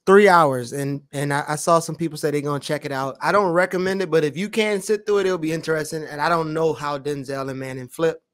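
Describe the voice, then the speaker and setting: A man's voice: a little high, fairly even intonation, quick pace, hardly any pauses, a bit bright. A man hosting, offering a dry, offhand commentary on a long video.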